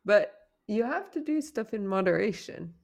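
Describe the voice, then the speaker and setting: Speaking at a moderate pace in a mid-range voice with vocal fry, this podcast co-host keeps things casual. She tells lively stories and breaks into laughter frequently.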